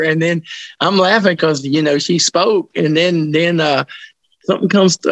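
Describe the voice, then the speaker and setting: A man telling ghost stories in an interview, rambling and restarting his sentences, animated as he tells them. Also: a little high, normal speed, no echo, lo-fi sound. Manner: rambling, with many restarts and colloquial grammar. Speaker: interviewee, paranormal investigator. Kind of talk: casual storytelling interview.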